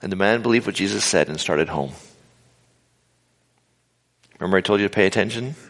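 Low-voiced preacher in an echoing hall. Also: male voice, fairly quick, a bit bright. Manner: informal, acts out quotes with humorous asides. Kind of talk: conversational sermon. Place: large hall with a live audience. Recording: live sermon in a reverberant hall.

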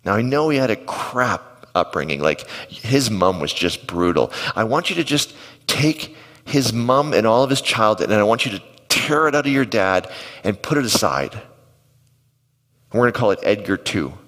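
A man's voice: on the low side, expressive, normal speed, fairly bright tone. A man preaching a sermon as pastor, telling stories in a conversational way and putting questions to the congregation. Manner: conversational storytelling with asides to the congregation. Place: church auditorium. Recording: long hall reverb.

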